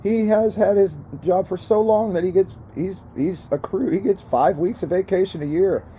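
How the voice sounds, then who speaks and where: A man's voice: high-pitched, normal speed, dark tone, slight background noise. A middle-aged man vlogging casually outdoors in the sun, rambling in a laid-back way, addressing viewers as bro and man, coughing between puffs. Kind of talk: casual smoking vlog.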